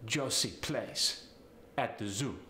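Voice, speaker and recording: Man, put-on Italian accent, staccato rhythm, slow and lilting, roomy echo. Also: a little hiss or hum. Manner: staccato, melodic, lively pitch. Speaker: accent demonstrator.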